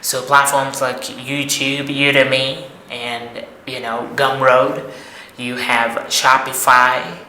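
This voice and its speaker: Guy lecturing to camera, repeats himself a lot, bright tense voice, kinda roomy sound. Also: mid-range voice. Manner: repetitive, emphatic, lecturing. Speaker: online money coach. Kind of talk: monologue to camera. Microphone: camera mic. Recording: echoey room, faint noise.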